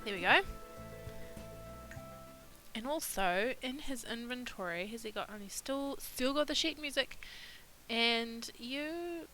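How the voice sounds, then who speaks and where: High bright-voiced girl doing a chatty lets play, talks to her sims, faint music behind. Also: slow pace, long pauses, rough recording. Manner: chatty, talks to her game characters, laughs often. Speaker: gaming YouTuber. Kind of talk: casual let's-play commentary.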